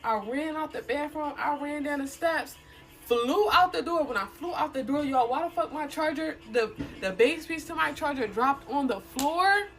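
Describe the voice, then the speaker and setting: A young woman with a Philadelphia accent tells a personal story to her viewers, calling them "y'all" and speaking in loose, slangy talk. Her voice sits high. She stays animated throughout and swears freely. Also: moderate pace, rough recording. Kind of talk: casual storytime monologue.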